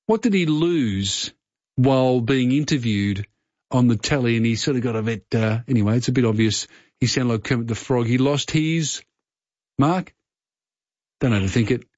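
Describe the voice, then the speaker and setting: This talkback radio host speaks at normal speed in a mid-range, somewhat mellow voice with an Australian accent. Running a phone-in quiz, he chats casually and warmly, wandering with fillers and restarts, in a dry, slightly muffled broadcast.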